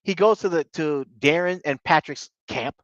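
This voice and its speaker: A man's voice: fairly high pitch, moderate pace, a bit bright, no echo. A man with a slightly raised voice talks through a TV episode in a loose, rambling way, circling back on his words and tossing in filler phrases. The recording is dull and lo-fi, and very dry, with no room sound. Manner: rambling, repeats himself, fillers like "you know what I mean". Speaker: TV show reviewer. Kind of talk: casual episode recap.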